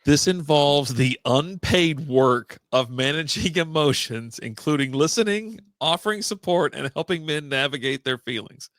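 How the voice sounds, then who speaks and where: A man's voice: on the high side, lively intonation, normal speed, few pauses, a bit bright, no echo. A man co-hosting a casual beer podcast, swearing freely and reading text aloud sarcastically. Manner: profane, reads out text with sarcasm. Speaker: podcast co-host.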